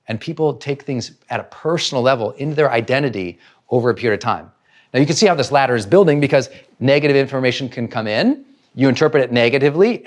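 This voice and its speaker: A middle-aged man gives a motivational talk on personal growth. His voice sits a little high for a man and swings widely in pitch. He keeps asking rhetorical questions and slips into the inner voices of the people he describes.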